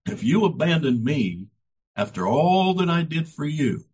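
A man's voice: fairly high pitch, sing-song, a little slow, a little mellow, breathy edge, exaggerated voice. A man preaching, voicing the Lord as a stern male figure rebuking his followers in a pleading, indignant tone.

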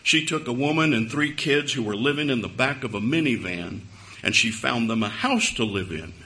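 A man's voice: medium pitch, animated, moderate pace, sharp tone. A man preaching a sermon to a live congregation, telling a story in a conversational way with wry humor. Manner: speaks straight to a live congregation.

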